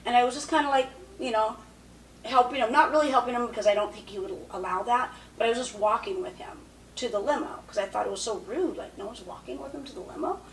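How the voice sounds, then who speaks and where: A woman's voice: a little high, fast talker, roomy sound, distant mic, a little hiss or hum, rough recording. A woman telling stories in casual podcast chat, often acting out what people said. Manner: chatty, acts out quotes. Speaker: podcast guest. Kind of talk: casual storytelling.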